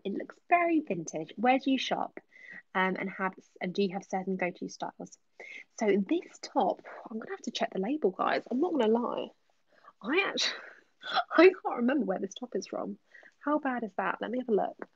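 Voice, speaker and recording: A woman's voice: medium pitch, lively intonation, normal speed, slightly rough, no echo, highs cut off. A woman answering viewers' questions on a casual live stream, chatty with many ums and slipping into whispers. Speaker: ASMR creator answering live chat.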